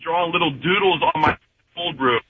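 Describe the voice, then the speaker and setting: A man's voice: on the high side, fairly quick, husky. A man calling into a radio show with an exasperated complaint. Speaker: caller. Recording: phone line.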